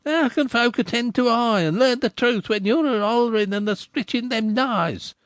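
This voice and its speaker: A man voicing a blustering country town crier who scolds and shouts in a rustic dialect. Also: very high-pitched, moderate pace, dry recording, studio quality, voice pushed up. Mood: indignant.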